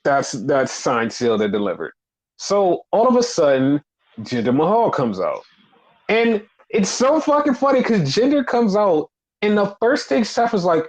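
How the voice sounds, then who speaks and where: A man co-hosting a casual wrestling podcast, talking fast and loose with lots of swearing, jumping up high when he acts out quotes. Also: rough recording. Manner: animated, profane, acts out quotes. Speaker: podcast co-host.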